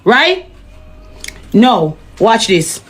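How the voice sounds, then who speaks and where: A woman's voice: on the high side, very animated, extremely slow, breathy edge. Heated Jamaican woman ranting. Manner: heated, profane, repeats phrases for emphasis. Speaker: online personality. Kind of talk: angry rant to camera.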